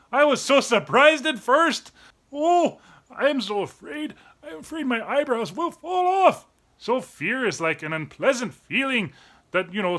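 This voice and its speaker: A man doing a high, bright cartoon dog host. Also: full character voice. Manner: playful, acts out each emotion with sudden cries. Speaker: children's show host. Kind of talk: kids' educational explainer.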